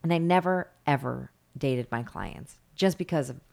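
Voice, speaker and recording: Low-voiced blunt woman, swearing. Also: moderate pace, creaky, darkish tone. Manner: blunt, profane, mimics others in stories. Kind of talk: casual chat, storytelling.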